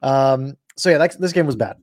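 Recorded close in a dry, dead space with no echo, this sports podcast co-host rambles loosely and sarcastically about recent games. His voice sits in a middle register with a darkish tone, at a normal speed.

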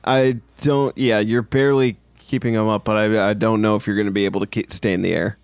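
A man's voice: fairly low pitch, steady tone, brisk, smooth, no room sound. Guy running a d&d game, chill, laughs a lot, dry close sound. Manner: laughs often, easygoing rulings. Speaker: game master.

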